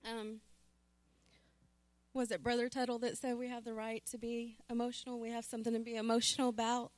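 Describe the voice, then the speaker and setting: A woman's voice: a little high, completely flat delivery, fast talker, no echo. A woman giving a heartfelt, emotional church testimony. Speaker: church member sharing a testimony.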